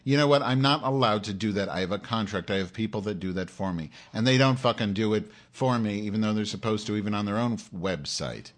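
Profane ranting man with a low voice. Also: fast, hardly any pauses. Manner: profane, combative, talks straight to his audience. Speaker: live-stream show host. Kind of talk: angry live-stream rant.

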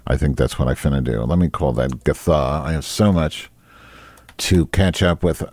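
A man's voice: extremely low pitch, steady tone, moderate pace, a little mellow, no room sound. A man hosting a live online talk show alone at his mic, rambling, teasing and crude. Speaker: host. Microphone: desk microphone.

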